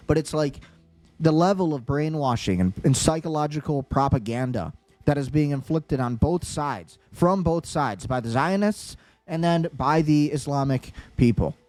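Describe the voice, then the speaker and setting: A man hosting a heated commentary, his voice sitting a bit high for a man. He talks in an agitated, insistent way and hammers his points by repeating them. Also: darkish tone. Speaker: political commentary host.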